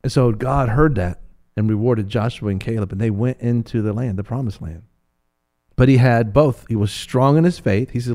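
A man teaching from the Bible in a preaching talk, animated and playful, acting out voices of biblical figures. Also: mid-range voice, moderate pace.

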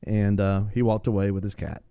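A man on a talk radio show telling a funny story in a casual, animated way, laughing often and repeating phrases for emphasis. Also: lowish voice, a little fast, vocal fry, clean tone, no room sound, phone-quality sound.

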